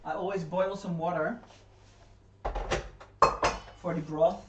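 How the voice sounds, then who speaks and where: A woman's voice: on the low side, steady tone, slow, highs cut off, very noisy. A woman co-hosting a livestream, chatting casually and reading chat aloud while she cooks in a home kitchen. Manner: chatty, reads chat aloud, laughs easily. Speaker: livestream co-host. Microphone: distant room mic. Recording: echoey kitchen from far off, clattering pans.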